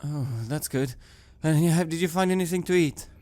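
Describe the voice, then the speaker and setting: A man playing a character in a tabletop horror game, answering quickly and eagerly. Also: on the high side, darkish tone, soft background music.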